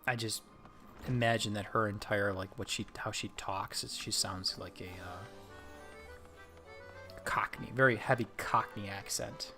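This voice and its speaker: A man's voice: lowish voice, steady tone, a little slow, gravelly, long pauses, pushed and bright, faint music behind. A man streaming a video game, muttering to himself as he plays. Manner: muttering to himself while playing. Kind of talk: casual gameplay commentary.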